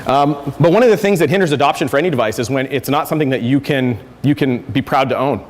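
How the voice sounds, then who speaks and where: A man gives a conference talk at a brisk pace, restarting phrases and filling gaps with "um" as he goes. His voice sits mid-range. It rings out with a long reverb from the hall. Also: medium pitch. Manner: conversational, self-correcting with fillers. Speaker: conference speaker. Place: lecture hall.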